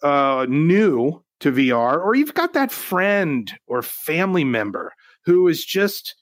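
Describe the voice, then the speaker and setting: Brief: upbeat livestream co-host, male, a bit high-pitched, close dry mic. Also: sing-song, slow pace, no echo. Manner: chatty, upbeat, jokey asides. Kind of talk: casual livestream chat.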